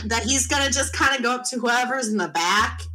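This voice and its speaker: A woman player in a tabletop game, giggly and animated as she describes her character. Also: on the high side, fairly quick, low-quality recording. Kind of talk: tabletop role-play chat.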